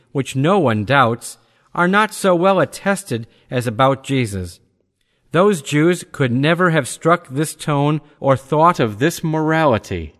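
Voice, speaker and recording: A man reads religious prose aloud with slow, deliberate care, pausing over chapter-and-verse citations. His voice sits in a middle register. A long reverb trails behind each phrase, as in a large hall. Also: medium pitch, a bit bright. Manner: measured, deliberate delivery that slows to cite scripture references. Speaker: reader of a religious text. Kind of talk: scripted reading of theological prose.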